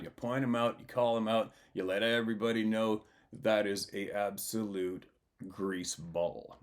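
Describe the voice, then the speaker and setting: Blunt, lower-voiced man telling a story. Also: fairly even intonation, moderate pace. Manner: blunt and profane, laughs often; rambling with frequent restarts. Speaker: channel host. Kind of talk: casual storytelling monologue.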